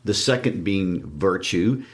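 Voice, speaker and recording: A man with a deep, low-pitched voice co-hosts a literature podcast. He explains ideas thoughtfully, pausing on fillers as he builds his points. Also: animated. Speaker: podcast co-host. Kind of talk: casual literary discussion.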